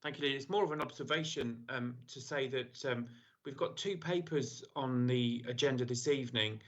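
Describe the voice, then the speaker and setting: A man's voice: medium pitch, normal speed, fairly bright tone. A councillor, a man, making a matter-of-fact remark in a meeting. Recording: dull lo-fi video call audio.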